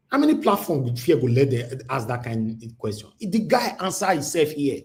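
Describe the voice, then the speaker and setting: Animated Nigerian man hosting a livestream. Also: normal speed, few pauses. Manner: animated, mixes Pidgin, grows loud and high when worked up. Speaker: livestream host. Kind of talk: livestream talk.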